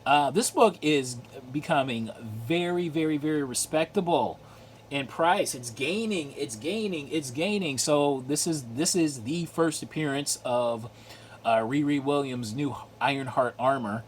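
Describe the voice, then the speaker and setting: Showing off the comics he picked up, a man talks in a relaxed, chatty video commentary full of repeated phrases and "uh"s and "like"s. He speaks at a measured pace in a medium pitch, with slight background noise.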